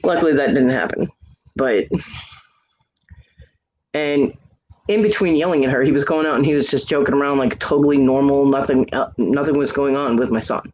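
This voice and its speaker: A streamer chatting with friends tells a long, rambling tale at a moderate pace, his medium-pitched voice a little mellow and broken by long pauses. He swears freely and quotes others, heard through a muffled lo-fi mic with faint hiss.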